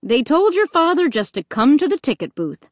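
A woman's voice: high-pitched, big pitch swings, moderate pace, no echo, studio quality, pitched above the performer's own voice. A woman voicing an anxious, breathless mother. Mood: worried. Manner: breathless, worried.

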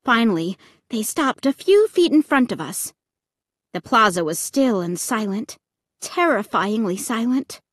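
A woman reading a children's horror story aloud with expressive, dramatic narration. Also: on the high side, measured pace, dry recording.

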